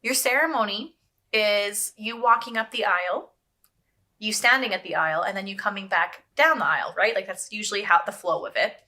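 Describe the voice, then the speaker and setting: Bright-voiced chatty woman co-host. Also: medium pitch, fairly quick. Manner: chatty, emphatic, walks listeners through scenes. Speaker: podcast co-host, wedding photographer. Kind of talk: casual chat.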